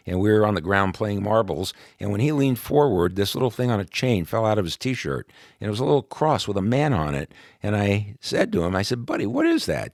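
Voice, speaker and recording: A man with a very low, deep voice tells his personal testimony as a podcast guest. He is from New York and talks in an easygoing, conversational way, with plenty of "uh" fillers. The sound is close and dry. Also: no room sound. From New York, USA. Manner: conversational, with frequent "uh" fillers and soft laughs.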